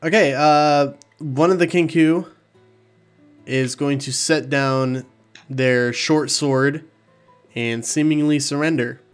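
A man narrating as game master of a tabletop game, calm and unhurried, with chuckles between lines. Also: a little high, clean tone, soft background music.

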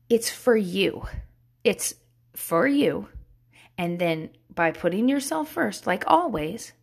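A woman's voice: medium pitch, creaky. A woman, a mother of young kids, giving a candid, casual self-help talk, swearing freely and laughing often.

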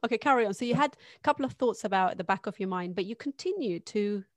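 A woman's voice: mid-range voice, expressive, fast talker, no room sound. A woman hosting a podcast, asking probing questions in a chatty way with frequent restarts. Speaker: podcast host. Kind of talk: casual podcast interview.

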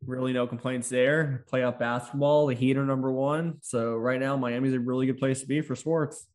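A man's voice: mid-range voice, fairly even intonation, moderate pace, a little mellow. A man co-hosting a football podcast, chatting in a matter-of-fact, friendly way. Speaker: podcast co-host. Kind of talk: casual chat.

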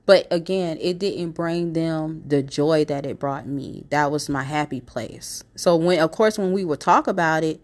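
A woman's voice: deep voice, a little slow. Stuffy-nosed woman chatting on her podcast. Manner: rambling, conversational, lots of "you know" and "like". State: stuffy from a cold. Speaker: podcast host. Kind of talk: casual solo podcast talk.

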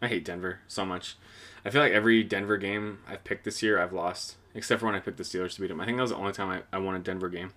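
A young man recapping the week's games on his own podcast, talking loosely and cursing freely. His voice sits a little on the low side, and he drifts through his thoughts with fillers and restarts. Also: fairly even intonation, fast, pushed and bright. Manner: rambling, profane, offhand. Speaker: podcast host. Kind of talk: casual solo football podcast recap.

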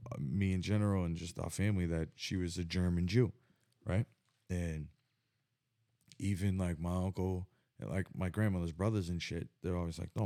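A man's voice: low voice, dark tone. A young man chatting casually as a podcast co-host, rambling, swearing and laughing often. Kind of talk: casual chat.

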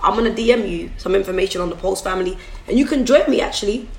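A woman's voice: medium pitch, fast, vocal fry. A businesswoman on a phone livestream, giving an emphatic, repetitive motivational talk. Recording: echoey room, faint music behind.

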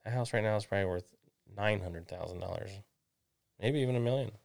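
A man, a realtor guest, telling casual animated stories and swearing freely. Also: lowish voice, brisk, vocal fry. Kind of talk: casual storytelling chat.

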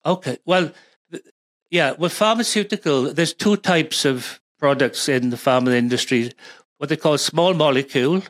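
A man's voice: a little high, normal speed, no echo. A man with a Welsh accent, a guest speaking as a supply chain expert, rambling with many fillers and restarts. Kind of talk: conversational interview.

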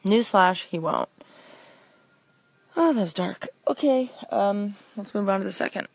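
Gravelly chatty young woman, lively pitch. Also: moderate pace, no echo. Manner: rambling, self-deprecating, chatty. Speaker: podcast host. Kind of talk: comic voicemail monologue.

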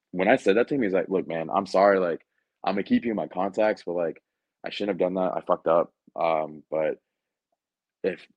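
A man's voice: deep voice, dry recording, highs cut off. A young man, a Marine recruiter, telling a story casually on a podcast, slangy and blunt with lots of fillers. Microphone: podcast mic.

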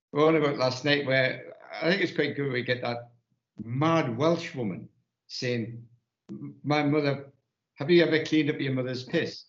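A man rambling in a live casual panel chat, halting and restarting as he goes. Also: mid-range voice. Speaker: panel guest. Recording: dull, roomy lo-fi sound.

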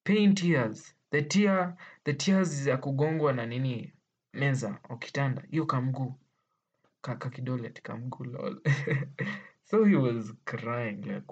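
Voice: mid-range voice, unhurried, slightly rough, lo-fi sound. A vlogger with a Kenyan accent telling stories to viewers in a playful, exclaiming way, laughing often. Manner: playful, exclaiming, laughing often, mixing English with Swahili slang. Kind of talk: casual storytelling to viewers.

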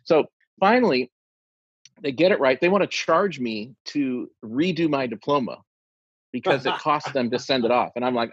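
A man with a husky voice tells a long funny story to friends, acting out each quoted line. His voice sits at a middling pitch. The recording is dull and dry. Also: normal speed, no echo. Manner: animated anecdote teller, acts out quoted lines.

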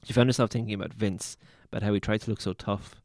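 Deep-voiced man reading a story aloud. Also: steady tone, fast, darkish tone, no room sound, studio quality. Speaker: reader of a teen novel. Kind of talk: casual read-aloud with banter.

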